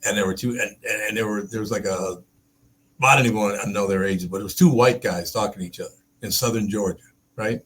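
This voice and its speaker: A man's voice: lowish voice, steady tone, quick pace, a bit bright, slightly rough. A man hosting a radio show, chatting casually in the studio and telling rambling stories with laughs and mimicked voices.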